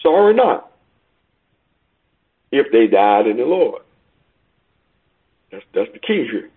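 A man preaching a sermon over a call, emphatic, swinging between loud peaks and quiet asides. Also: medium pitch, very animated, slow, husky. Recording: tinny phone line.

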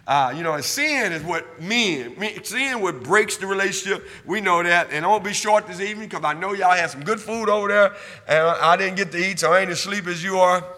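A man preaching a sermon in church, drawing call and response from the congregation, repeating himself and building from quiet talk to loud shouting. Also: high voice, a little fast, in a large hall. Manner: repetitive, asks the church for amens. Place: church sanctuary.

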